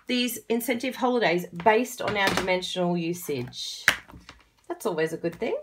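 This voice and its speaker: A woman's voice: medium pitch, expressive, moderate pace, noisy background. A woman with an Australian accent giving a chatty, casual card-making tutorial, laughing often.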